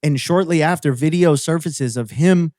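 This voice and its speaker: A man from Cleveland co-hosting a podcast, talking in a casual, animated and profane way. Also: fairly high pitch, normal speed, no echo, studio quality. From Cleveland, Ohio. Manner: animated, profane, mimics voices. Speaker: podcast co-host.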